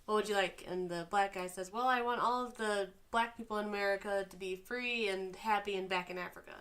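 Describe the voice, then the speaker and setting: A woman co-hosting a casual podcast chat, telling a long joke in a relaxed, chatty way. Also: mid-range voice, brisk. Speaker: podcast co-host.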